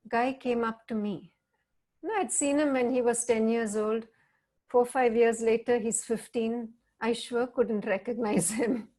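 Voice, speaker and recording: A middle-aged woman, a counselor gently guiding listeners through a mindfulness exercise on a video call. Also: on the high side. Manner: gentle, reflective, guiding with soft prompts. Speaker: counselor leading a wellness talk. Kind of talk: guided mindfulness session over video call.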